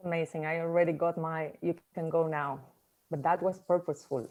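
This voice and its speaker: A woman who speaks English as a second language, giving a motivational talk in a reflective, storytelling manner with pauses. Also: deep voice, steady tone, warm tone. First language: not English.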